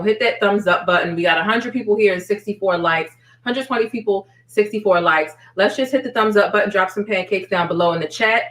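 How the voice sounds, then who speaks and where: A woman's voice: medium pitch, a bit bright, roomy sound, far from the mic, low-quality recording. A woman hosting a live stream, chatting casually and talking straight to her viewers in a slangy, familiar way.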